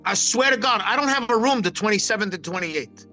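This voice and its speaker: Brash fast-talking man, high bright voice. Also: animated, soft background music. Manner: quick, blunt and brash, swears freely. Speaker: poker pro guest. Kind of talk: casual podcast storytelling.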